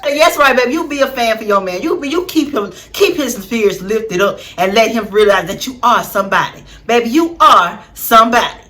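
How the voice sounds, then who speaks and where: Animated, slangy woman with a bright voice. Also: on the high side, fairly quick, hardly any pauses. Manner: animated, slangy, laughs often. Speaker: vlog host. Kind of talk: casual reality-show recap.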